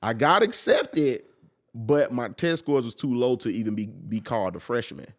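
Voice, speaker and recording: A young man, a podcast guest, telling a personal story in a casual, animated way and acting out the people in it. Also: mid-range voice, fairly quick. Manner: animated, acts out quoted people.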